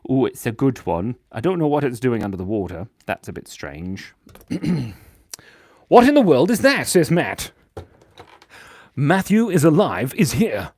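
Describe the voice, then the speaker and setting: Playful Australian man, lively voice. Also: medium pitch, measured pace, pauses often, no room sound. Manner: playful, jokey, reads viewer comments aloud. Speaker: host of a live drawing stream for kids. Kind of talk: casual livestream chat.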